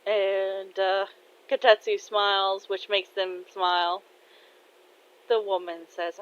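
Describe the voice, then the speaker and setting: A woman's voice: medium pitch, level tone, takes it slowly, clear, resonant tone. A woman casually telling her own fan story aloud, hesitant, with many fillers and "he's like" asides. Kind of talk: casual spoken fan fiction. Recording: dull lo-fi recording.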